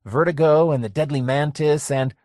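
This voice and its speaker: A man in his 40s reads the lines of a lonely middle-aged man longing for his youth, his voice raised and pleading. It sits on the high side, pitched above his own voice though close to an everyday one, with a darkish tone, fairly even intonation and a moderate pace, in clean studio sound with no room sound.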